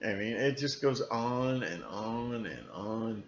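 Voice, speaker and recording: Slow, rambling man on a lo-fi recording. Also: fairly low pitch, expressive, gravelly. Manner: rambling, chuckling, frequent fillers and restarts. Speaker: channel host. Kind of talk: casual rambling monologue. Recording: dull lo-fi recording.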